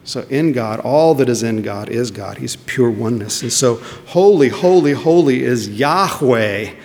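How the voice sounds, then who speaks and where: A man's voice: mid-range voice, expressive, measured pace, gravelly, a little mellow. A man preaching a sermon, emphatic and questioning, repeating words as he searches for them. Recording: long hall reverb.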